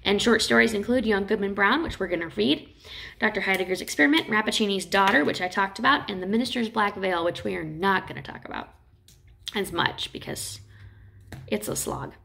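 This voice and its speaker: A woman teaching literature in a casual, chatty lecture, retelling stories with quick acted quotes. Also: mid-range voice, gravelly, bright, forceful tone.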